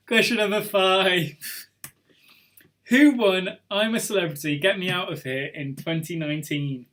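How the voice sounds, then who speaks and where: A young man hosts a pub quiz, reading questions and drifting into rambling asides with little chuckles. His voice sits a touch higher than most men's. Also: fairly even intonation, takes it slowly, long pauses, a bit bright. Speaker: quiz host. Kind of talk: live online pub quiz hosting.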